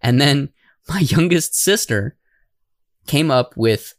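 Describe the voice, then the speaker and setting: A man from Tucson co-hosting a podcast, telling a family story in a lively, animated way. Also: a little high, slow, no echo, clean studio sound. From Tucson, Arizona. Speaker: podcast co-host. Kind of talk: casual storytelling chat.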